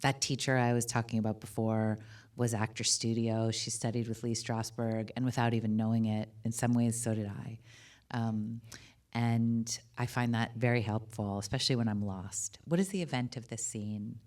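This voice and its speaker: A woman with a strikingly low, deep speaking voice, talking as a guest at a live on-stage interview. She is candid and chatty, with lots of asides and casual fillers. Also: fairly even intonation, normal speed, darkish tone. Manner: chatty and candid, frequent laughs and "like". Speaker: filmmaker and actor, interview guest. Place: cinema auditorium with live audience.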